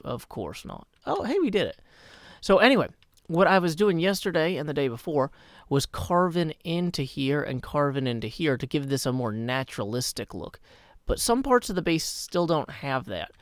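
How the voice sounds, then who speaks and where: A man with a hoarse morning voice, rambling and chatty as he streams a game and answers chat mid-thought. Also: a little high, no echo. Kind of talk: live-streamed game commentary.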